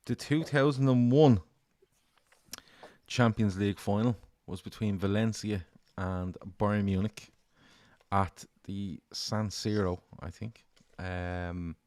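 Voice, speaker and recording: On a casual football quiz podcast, a male quiz host runs questions and calls answers right or wrong. His pitch is fairly low and his tone darkish, with fairly even intonation and no room sound. He comes across as a brisk quizmaster, reading questions and scoring answers.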